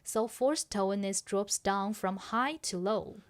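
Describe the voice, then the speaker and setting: A woman's voice: mid-range voice, takes it slowly. A woman teaching a pronunciation lesson on a podcast, taking her time with every phrase. She explains patiently, step by step, and keeps asking whether the listener has followed. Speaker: language teacher and podcast host.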